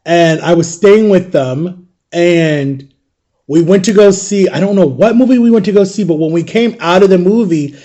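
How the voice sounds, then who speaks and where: Casual male vlogger, warm and a bit high, rambling storyteller who keeps checking in with "right?". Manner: chatty, peppers talk with "like" and "right?"; emotional, vivid retelling of memories.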